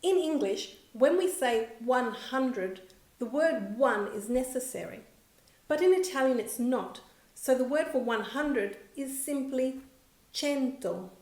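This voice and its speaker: A woman teaching a scripted grammar lesson, stating example words slowly and clearly with careful enunciation. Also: high voice, expressive, a little mellow. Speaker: language teacher. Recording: roomy echo.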